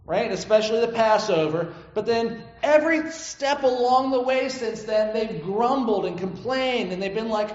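A man with a high voice preaches a sermon in an easy, conversational manner and keeps checking in with "right?". The room is echoey, and the recording sounds a little dull. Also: moderate pace, darkish tone. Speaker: pastor.

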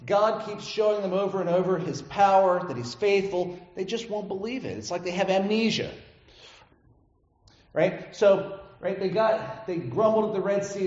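Preaching casually, this high-voiced male pastor keeps asking "right?" as he talks. His tone is somewhat dark, the room is full of echo, and the recording has a faintly muffled quality.

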